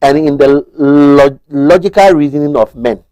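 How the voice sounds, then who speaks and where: A man's voice: fairly high pitch, moderate pace, warm tone, no room sound. A man with a Ghanaian accent explaining marriage law on a talk show, methodical and switching between Twi and English.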